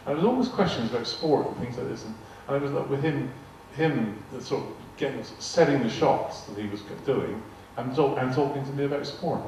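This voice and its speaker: In a large arts hall, an older guest speaker with a medium-pitched, slightly mellow voice talks fast with few pauses. He rambles through anecdotes for a live audience, repeating words and performing quoted dialogue. The echoey room, faint noise, and laughter come through a distant mic.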